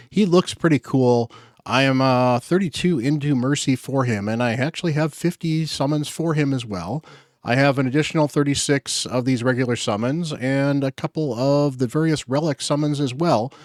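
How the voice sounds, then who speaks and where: A man with a medium-pitched, slightly mellow voice runs a gaming channel and goes casually through his summon pulls. He keeps it upbeat with frequent fillers, and the studio-quality audio has no room sound.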